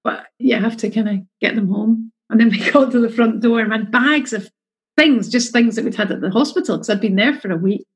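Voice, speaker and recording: A middle-aged woman tells a personal story in a chatty, emotional way. Her voice sits a bit high and has a husky edge. She slips into the voices of the people she quotes. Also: brisk, low-quality recording. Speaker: mother sharing her story. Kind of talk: casual storytelling.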